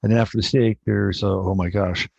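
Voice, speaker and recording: A man's voice: fairly low pitch, steady tone, a little fast, creaky, darkish tone, breathy edge, no room sound. A man hosting an astrology livestream, telling a story in a rambling, casual way, swearing and often correcting himself, on a dull, dry recording.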